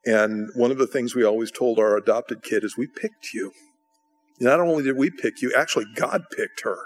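Middle-aged man, relaxed teaching pastor with a lively storytelling streak. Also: medium pitch, fairly quick. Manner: casual, repeats words, lively storytelling. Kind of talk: conversational sermon teaching.

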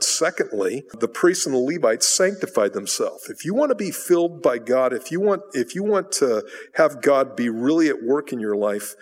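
Emphatic male preacher in a large reverberant hall. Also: medium pitch. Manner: emphatic preaching, asks rhetorical questions and answers them. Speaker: pastor. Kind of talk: sermon.

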